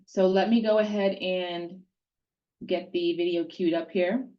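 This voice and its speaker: Woman hosting a team call, low mellow voice, kinda dull lo-fi audio. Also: fairly even intonation, a little slow. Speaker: meeting host. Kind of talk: online team meeting.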